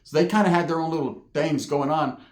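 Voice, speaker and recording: A man's voice: a little high, fairly quick. A man who is a former inmate, telling a story casually in profane street slang. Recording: echoey room.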